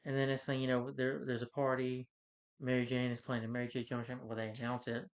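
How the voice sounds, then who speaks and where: A film reviewer, male, casually runs through a movie's plot, rambling and filling gaps with fillers. He speaks fairly quickly in a monotone at an ordinary pitch, and the recording sounds dull and lo-fi.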